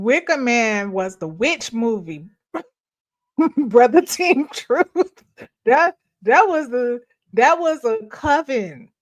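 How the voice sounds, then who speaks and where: Lively talkative woman, fairly high voice. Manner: animated storytelling, laughing often, addressing viewers as y'all. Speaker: ministry host. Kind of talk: casual live-stream testimony.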